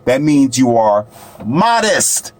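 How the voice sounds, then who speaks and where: A man's voice: mid-range voice, big pitch swings, takes it slowly. A man telling a story to the camera in a casual, boastful monologue, often turning to the viewer. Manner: boastful, chatty, addresses viewer directly. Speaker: vlogger.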